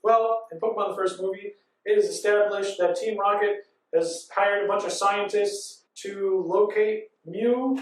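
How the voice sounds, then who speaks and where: A man's voice: high-pitched, steady tone, unhurried. A man in his thirties giving a rambling comic recap on a panel, breathless and run-on, chaining every beat with "and then". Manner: breathless, run-on storytelling with frequent ands and laughs. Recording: echoey hall from far off.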